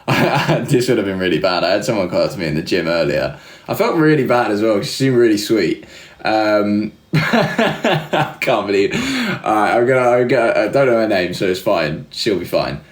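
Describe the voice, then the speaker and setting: This young man hosts a livestream, reading live comments and rambling through self-deprecating stories with laughter. His voice is on the low side, and the room sounds echoey.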